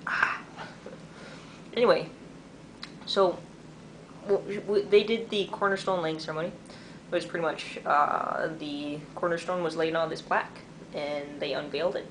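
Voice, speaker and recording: A young man in his twenties from Canada talks excitedly in a casual video diary, using lots of "like" fillers. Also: on the high side, a little slow, pauses often. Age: 20s. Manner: chatty and excitable, many "like" fillers. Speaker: vlogger and artist. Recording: noisy background.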